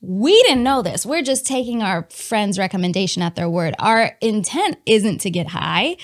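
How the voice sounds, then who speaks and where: A woman telling a personal testimony in a candid, animated way, talking to her listeners as y'all and laughing between lines. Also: medium pitch, normal speed. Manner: chatty with many fillers and laughs.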